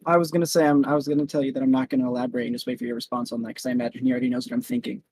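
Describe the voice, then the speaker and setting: A man playing a tabletop role-playing game, talking animatedly in quick bursts. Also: mid-range voice, lively intonation, darkish tone, breathy edge, dry recording, low-quality recording. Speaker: player.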